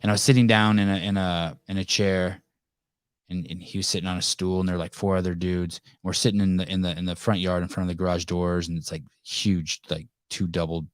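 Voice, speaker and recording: A man's voice: low voice, flat delivery, fairly quick, clean tone, no echo. A man hosting a live call-in podcast, telling a rambling, profane story in casual chat with many restarts and fillers. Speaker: podcast host.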